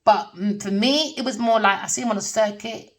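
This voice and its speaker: Speaking a little fast in a mid-range voice, this middle-aged tarot reader wanders through a spiritual reading. Her manner is blunt and full of swearing, with frequent laughter, and she's recorded at a distance from the mic.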